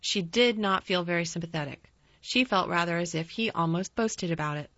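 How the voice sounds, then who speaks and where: Woman calmly reading a storybook. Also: fairly low pitch, no room sound. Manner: calm, measured reading with small restarts. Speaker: narrator. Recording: slightly dull, dry recording.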